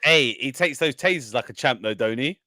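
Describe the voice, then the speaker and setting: A man on a film review podcast, talking casually with lots of swearing and mockery. His pitch swings widely as he gets worked up. The sound is dry and close to the mic. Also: a little fast, no echo. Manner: swearing, animated, mocking, lots of laughter.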